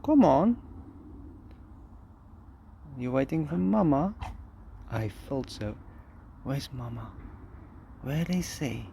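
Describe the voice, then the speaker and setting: A man chatting to his dog in soft, affectionate baby talk, drawing out every word very slowly. His voice is deep-toned and mellow, with a heavy gravelly fry running through it. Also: animated, a little hiss or hum. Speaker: dog owner.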